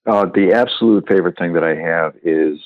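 A man being interviewed as a guest, explaining his organization's work in a measured way. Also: sits low. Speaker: foundation representative, guest. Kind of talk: interview answers. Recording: tinny phone-line sound.

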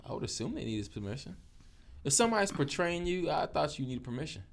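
A man's voice: fairly high pitch, big pitch swings, quick pace, vocal fry. A man co-hosting a casual podcast, laid-back and slangy with dry wisecracks. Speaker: podcast co-host.

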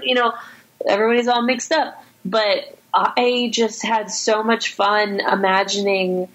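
A woman hosting a casual podcast chat, talking loosely with quick asides and frequent swearing. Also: a little high, steady tone, a bit bright, dull audio.

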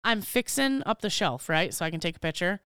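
A woman's voice: on the low side, animated, a little fast, fairly bright tone, clean tone, no echo, studio quality. A woman co-hosting a casual podcast, talking bluntly, laughing and swearing offhandedly. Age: adult, married. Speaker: podcast co-host. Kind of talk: casual chat.

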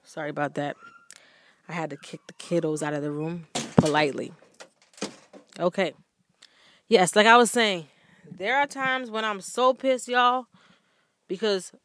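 With a somewhat high, slightly bright voice, a woman vlogger shares workplace faith tips, addressing her viewers candidly to camera. She is earnest and emphatic, speaking from a room at home, and the clean studio sound has no room sound.

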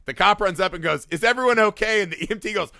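A man talking casually about a movie with friends, animated, laughing often and acting out lines from scenes. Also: sits high, rapid-fire, creaky, no echo, studio quality. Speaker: podcast co-host.

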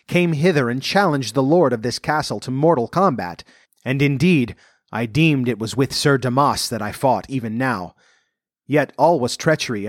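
A man's voice: mid-range voice, no echo, studio quality, natural voice. A man voicing a loyal but deceived medieval knight in an audiobook reading, speaking archaic courtly lines earnestly. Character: loyal deceived knight, male, adult, remorseful.

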